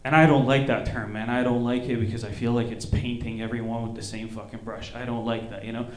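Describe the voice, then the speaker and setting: A man's voice: mid-range voice, level tone, fast talker. A man doing stand-up on a comedy club stage, loose and rambling, swearing often. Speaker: comedian and show host. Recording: roomy club sound, live stage mic.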